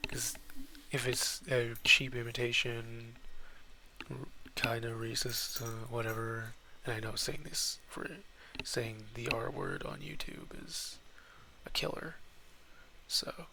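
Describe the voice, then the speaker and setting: Bright-voiced man rambling over gameplay. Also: mid-range voice, flat delivery, takes it slowly, a little hiss or hum. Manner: rambling, wishy-washy, muttering asides. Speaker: gaming YouTuber. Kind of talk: casual let's-play commentary. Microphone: desk mic.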